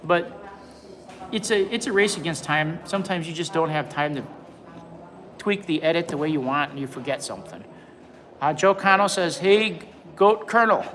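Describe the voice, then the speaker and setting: A man's voice: on the high side, moderate pace, a bit bright, low-quality recording. A man in his forties hosting a casual livestream, reading viewer comments aloud and rambling with frequent restarts and repeated words. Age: 40s. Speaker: livestream host.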